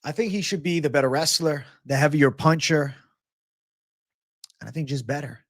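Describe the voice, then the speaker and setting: Here the betting-picks host's voice sits on the high side at a normal speed. He chats casually, curses a lot, builds hype, and reacts to his chat out loud, captured in studio quality with no room sound.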